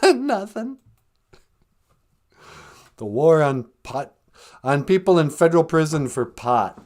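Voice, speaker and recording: A man hosting a comedy podcast, talking in a loose, sardonic way and laughing at his own jokes. His pitch is lively and varied, rising and falling as he banters. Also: slow pace, pauses often. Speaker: podcast host.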